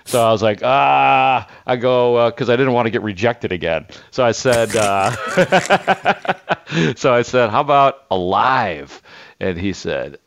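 A man who works as a sports radio reporter, telling a story on air in a casual, animated way and laughing at himself. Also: medium pitch, takes it slowly, creaky, no echo. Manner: animated, self-deprecating anecdote teller with laughs.

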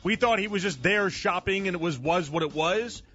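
Man, sports radio host, higher voice, bright tone, muffled audio, faint music underneath. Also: normal speed. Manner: conversational, repeats words when starting thoughts.

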